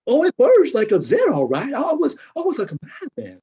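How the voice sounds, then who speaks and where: A man's voice: extremely high pitch, wildly swooping pitch, moderate pace, warm tone, slightly rough, heavily acted. A man playing a flustered older cracker factory worker in improv comedy over a video call, rambling and stammering with bursts of indignation. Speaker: improv performer. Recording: dull lo-fi video call audio.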